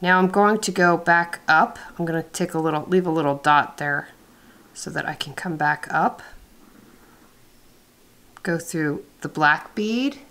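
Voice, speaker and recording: Calm woman narrating a beading tutorial. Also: low voice, measured pace, pauses often. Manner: calm, instructive, methodical. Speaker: beadwork tutorial host. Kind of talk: step-by-step craft tutorial narration.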